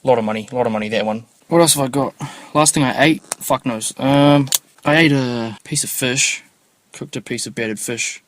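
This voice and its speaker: A man's voice: mid-range voice, moderate pace, slight background noise. Swearing, rambling New man. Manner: rambling, swears freely, offhand. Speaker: podcast host. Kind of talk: casual solo podcast chat.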